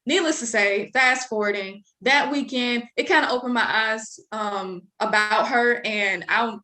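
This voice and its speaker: A woman's voice: a little high, unhurried. A young adult woman, a guest, telling a story in casual chat and acting out what people said. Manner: animated, acts out quoted people. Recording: roomy echo.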